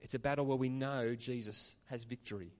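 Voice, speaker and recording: A man's voice: medium pitch, fairly even intonation, a little fast, long reverb tail. A man preaching a sermon as pastor, earnest and conversational, with chatty asides to the congregation. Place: church.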